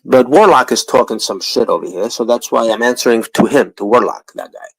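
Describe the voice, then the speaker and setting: A man's voice: mid-range voice, fairly quick, creaky, husky, dry recording, low-quality recording. A man with a New York accent hosting a livestream, rambling in crude, profane casual chat. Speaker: livestream host.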